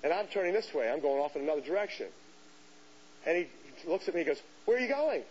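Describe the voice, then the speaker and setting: A man giving a lecture to an audience, telling a story in an animated way and acting out the voices of people he quotes. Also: a little high, fast, husky. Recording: dull hissy lecture recording.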